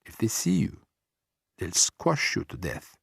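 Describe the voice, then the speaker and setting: A man voicing a prim, deliberate elderly grandmother in an audiobook. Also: on the low side, huge pitch swings, vocal fry, a bit bright, slightly rough, no echo, clean studio sound, exaggerated voice. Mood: gentle. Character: brisk proper elderly grandmother. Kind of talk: audiobook character voice.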